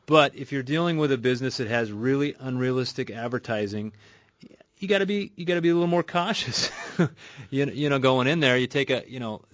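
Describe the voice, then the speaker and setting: Male radio co-host, mid-pitch, casual and rambling, dry studio sound on a dull broadcast line. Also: brisk, dry recording. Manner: conversational, repeats words and restarts, laughs easily. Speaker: radio show host and auto repair shop owner. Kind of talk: casual radio call-in chat. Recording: muffled radio broadcast audio.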